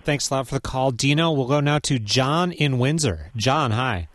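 A man hosting a public radio call-in show, speaking in an even, clear host delivery. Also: medium pitch, moderate pace, dry recording. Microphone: studio microphone.

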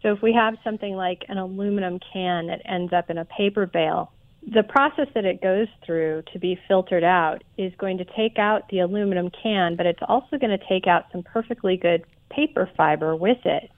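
A woman being interviewed as a radio guest over a phone line, explaining things in a measured way with frequent ums. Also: lowish voice. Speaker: guest, president of a recycling institute.

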